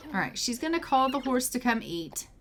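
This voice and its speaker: On a very noisy recording, a woman with a high, sing-song voice at a normal speed tells the story of her life-sim game as she plays. Her commentary is relaxed and chatty, walking through her characters' actions.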